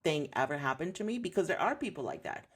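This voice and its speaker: A woman's voice: sits low, fast talker, husky. A woman in her thirties sharing her story in a candid interview, earnest and reflective. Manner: earnest, reflective, animated when quoting others. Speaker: podcast guest, homeschooling mom.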